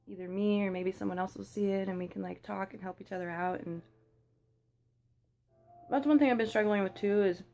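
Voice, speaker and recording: Una joven adulta charla de forma casual y divagante mientras come, grabándose con el teléfono, con muchas muletillas. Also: female voice, medium pitch, gravelly. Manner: rambly, chatty, full of fillers. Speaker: small YouTuber. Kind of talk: casual rambling chat while eating. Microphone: phone.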